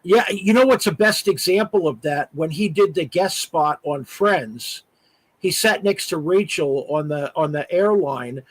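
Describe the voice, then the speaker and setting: A man's voice: a little high, animated, unhurried, no room sound, rough recording. A man who works as an artist and voice actor, chatting casually as a guest on a live stream, full of "uh" fillers and restarts. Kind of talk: casual interview chat. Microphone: remote live stream call.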